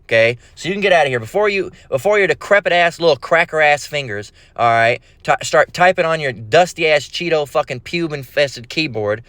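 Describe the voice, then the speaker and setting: A man's voice: a little high, lively intonation, fairly quick, hardly any pauses, a bit bright, no echo. A man preaching a profane, mocking rant, quoting scripture and stammering in repeats. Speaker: religious video preacher.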